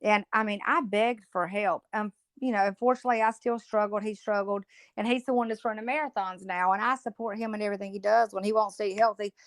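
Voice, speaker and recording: A woman's voice: medium pitch, fairly even intonation, quick pace, no room sound. Blunt woman in her fifties. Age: 50s. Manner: blunt, outspoken storytelling. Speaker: podcast guest, motivational speaker. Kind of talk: casual interview chat.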